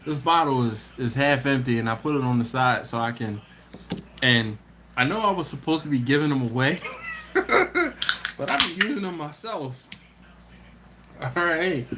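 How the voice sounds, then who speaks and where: A man's voice: mid-range voice, fairly bright tone, a little hiss or hum. A man hosting a casual live stream, reading out viewer comments in a laid-back, chatty way, often laughing and trailing off mid-sentence.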